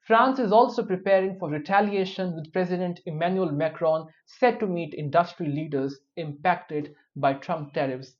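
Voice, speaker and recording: A man's voice: high-pitched, normal speed, hardly any pauses. A man giving news commentary, dropping wry, opinionated personal asides between the reports. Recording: dull lo-fi recording.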